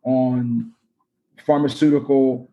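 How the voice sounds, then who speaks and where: A man's voice: medium pitch, flat delivery, slow, warm tone. A man speaking as a podcast guest in an earnest, rambling way with many fillers. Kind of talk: casual interview talk.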